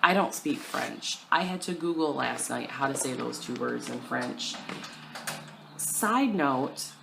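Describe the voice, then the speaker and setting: A woman's voice: rumbling low, expressive, slow, creaky, noisy background. A young woman chatting casually at home to her camera about her cross-stitch plans, self-deprecating and full of fillers.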